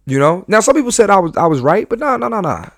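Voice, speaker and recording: A man's voice: high voice, sing-song, fast, no echo, clean studio sound. Fired-up man confessing on a podcast. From New York. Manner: confessional, rambling with many restarts and slang. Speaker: podcast host. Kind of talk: candid podcast monologue.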